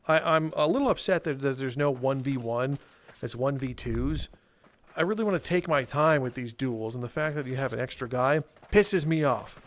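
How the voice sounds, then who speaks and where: A man giving casual, excitable gameplay commentary as a mod reviewer, chatting to the characters on screen and laughing often. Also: on the high side. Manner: excitable, talks to game characters, frequent laughs. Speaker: video game mod reviewer.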